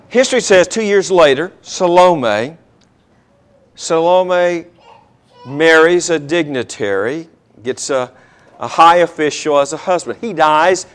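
A man's voice: a little high, animated, slow, smooth. A man preaching a sermon, telling a Bible story dramatically and acting out the characters.

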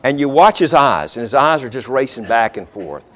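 A man's voice: mid-range voice, big pitch swings, moderate pace, fairly bright tone. A man preaching a sermon, telling a Bible story dramatically and acting out the characters.

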